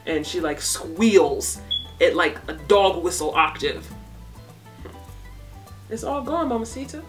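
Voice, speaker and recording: Animated woman vlogger, chatty Q&A. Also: fairly low pitch, slow pace, distant mic, music in the background. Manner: chatty, laid-back, talks to her baby between answers. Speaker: beauty and hair vlogger. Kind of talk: casual Q&A vlog.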